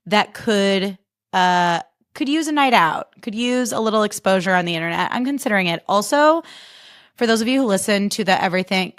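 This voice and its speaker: A woman's voice: fairly low pitch, fairly bright tone, no echo, studio quality. A woman podcast host and comedian in a casual comic monologue, chatty and sarcastic, full of fillers.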